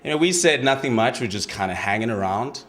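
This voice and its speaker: Man acting a defensive young slangy witness; lively, swooping delivery. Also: mid-range voice, a little fast, lightly acted. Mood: laid-back. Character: young streetwise male murder-trial witness. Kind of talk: audition monologue.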